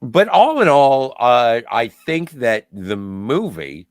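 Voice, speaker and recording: A man's voice: medium pitch, slow pace, dry recording, clean studio sound. A man co-hosting a podcast, casually giving his opinion of a film and chiming in with corrections. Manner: relaxed, chimes in with corrections. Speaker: podcast co-host. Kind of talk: casual chat, film review.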